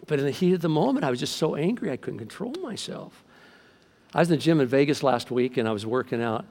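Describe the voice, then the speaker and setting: A middle-aged man preaching a sermon as pastor, telling stories in a lively way and acting out the voices of the people in them. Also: medium pitch, fast talker. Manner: animated storytelling, acting out quoted voices. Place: large church hall. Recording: long reverb from a large hall.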